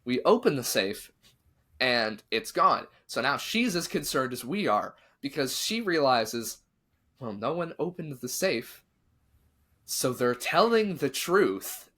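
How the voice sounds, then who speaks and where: Speaking slowly at a medium pitch, this podcast host spins a spooky tale in a relaxed, chatty way. He's animated and voices the lines of each person in his story himself.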